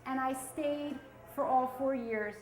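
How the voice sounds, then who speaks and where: A woman's voice: sits high, slow, darkish tone, reverberant, soft background music, low-quality recording. A woman, telling a self-mocking story on stage at a storytelling event. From South Philadelphia. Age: 40s. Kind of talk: live storytelling.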